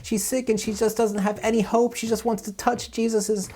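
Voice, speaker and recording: A man teaching a children's Bible lesson in a casual, animated storytelling way, with big swings in pitch. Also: normal speed. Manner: casual, with fillers and restarts. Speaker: children's minister.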